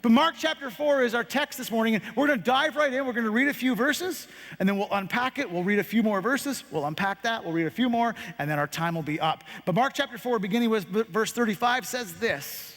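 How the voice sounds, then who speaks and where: Brief: pastor, high-pitched man, dramatic storyteller, voice echoing through a large hall. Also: fairly bright tone. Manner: dramatic, slows and drops voice for effect. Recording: long hall reverb.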